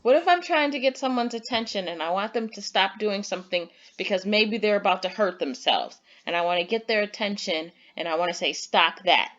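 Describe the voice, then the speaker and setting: A woman's voice: medium pitch, expressive, a little fast, hardly any pauses, muffled recording. A woman teacher giving an online lesson to young children, patient and encouraging, who reads example sentences aloud with exaggerated emphasis.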